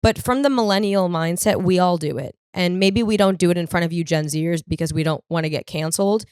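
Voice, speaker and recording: A woman in her 30s from the US East Coast hosts a podcast as a profane, rambling comedic monologue, animatedly doing other people's voices. Her voice is lowish, clear and resonant, and she speaks briskly; the studio sound is clean with no echo.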